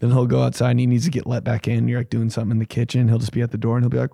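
A man's voice: completely flat delivery, racing, gravelly, few pauses, dark tone, no room sound, clean studio sound. A young man hosting a comedy podcast, telling a rambling, profane story and jumping into silly voices. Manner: profane, rambling, acts out voices with big pitch jumps.

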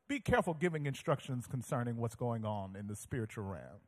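A man preaching a sermon as pastor, telling stories with animation and building to fervent shouting. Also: mid-range voice, big pitch swings, fairly quick, hardly any pauses, in a large hall.

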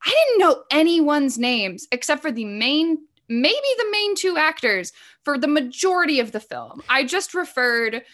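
A woman's voice: high-pitched, big pitch swings, a little slow, fairly bright tone. A woman guesting on a podcast, chatting casually and enthusiastically about a movie.

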